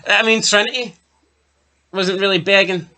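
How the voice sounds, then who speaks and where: A man's voice: high-pitched, steady tone, normal speed, sharp tone. A man co-hosting a TV review podcast, recapping an episode in casual chat with jokes and asides. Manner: chatty, joking, summarizes plot with asides.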